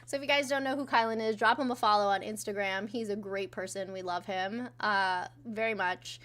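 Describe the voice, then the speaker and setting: A woman's voice: mid-range voice, fairly even intonation, brisk, a bit bright. A woman co-hosting a casual livestream, talking offhandedly with frequent swearing and reading out viewer messages. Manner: profane, offhand, reads out chat messages. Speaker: co-host.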